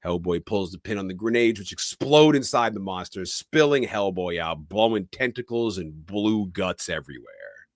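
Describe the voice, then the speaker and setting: Guy on a podcast walking through a movie plot, low voice, dead dry mic. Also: expressive, dry recording. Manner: narrates the plot, reads quotes in a low slow voice. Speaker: podcast co-host. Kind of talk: casual film recap.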